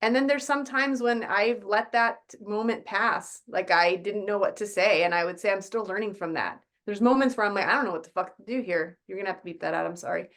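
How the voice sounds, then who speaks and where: A woman's voice: mid-range voice, a little fast, hardly any pauses, fairly bright tone. A woman in her thirties in casual podcast chat, talking at length and acting out what she says to her kids. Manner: rambling, acts out quoted dialogue with her kids. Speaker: podcast guest.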